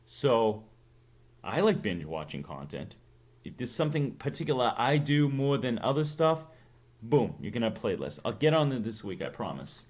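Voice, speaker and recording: This streamer host's mid-range voice is very animated and darkish in tone, moving at a moderate pace. With a New England accent he chats casually to viewers, rambling and cracking self-deprecating jokes.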